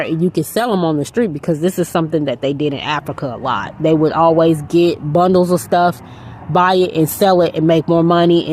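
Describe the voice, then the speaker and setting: Woman faith vlogger with a lowish voice, casual and earnest, telling the story in a loose ramble. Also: a little mellow. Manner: rambling and earnest, with frequent "you know". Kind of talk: casual storytelling, retelling a film.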